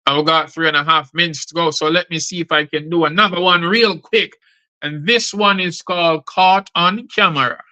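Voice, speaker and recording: A man's voice: on the high side, fairly even intonation, moderate pace, sharp tone. A man who hosts a show and recites his rhyming poetry in a rhythmic delivery. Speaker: poet and show host.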